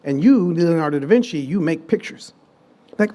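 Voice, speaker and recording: On a live stage before an audience, a guest musician and producer with a slightly higher voice talks at normal speed in a live podcast conversation. His storytelling is loose and animated: he restarts sentences and acts out the voices of people he quotes with big leaps in energy.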